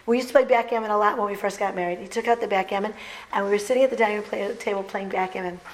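A woman's voice: medium pitch, steady tone, racing, poor audio. A middle-aged woman who teaches brides, giving a talk to women and telling stories, acting out quotes with laughter. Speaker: bridal teacher and speaker.

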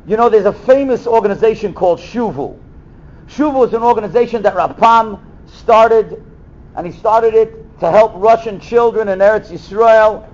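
High lively guy telling a story in a sermon, kinda muffled recording. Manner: animated storyteller acting out voices. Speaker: rabbi giving a talk. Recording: dull lo-fi recording.

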